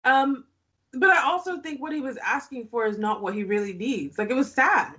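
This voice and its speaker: A woman's voice: high voice, normal speed, sharp tone. A woman co-hosting a podcast, recapping a reality show in casual chat, often laughing and making sarcastic asides.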